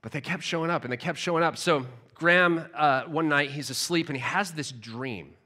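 A pastor preaches at normal speed, telling stories animatedly and often repeating words as he restarts. His voice is bright and forceful, slightly high for a man.

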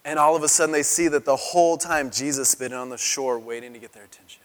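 A man in his thirties preaching a sermon as a pastor, telling the story in an animated way and acting out the quotes in a raised voice. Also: medium pitch, fast talker. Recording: long hall reverb.

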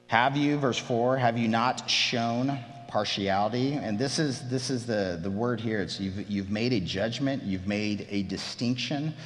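A man preaching a sermon as pastor, emphatic and animated, often restarting his phrases. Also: medium pitch, measured pace, few pauses, long reverb tail.

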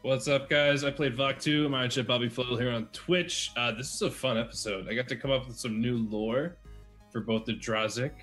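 Male player, mid voice, rambling shout-out, faint guitar. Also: mid-range voice, steady tone. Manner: quick, casual, rambling. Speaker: player and streamer.

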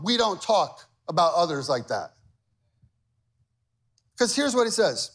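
A man's voice: sits high, very animated, unhurried, pauses often, fairly bright tone. A man preaching a sermon as pastor, talking to the congregation conversationally and building to emphatic, repeated lines.

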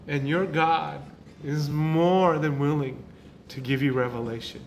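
Male pastor, informal sermon, fairly high voice, chatty delivery with repeats and tag questions, faint noise behind. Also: fairly even intonation, a little slow. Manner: conversational, repeats words, many tag questions.

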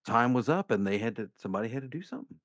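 A man on a podcast video call, laying out his theories in a relaxed, reasoning way. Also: medium pitch, very fast, no echo. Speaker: podcast panelist. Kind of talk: casual podcast chat over video call.

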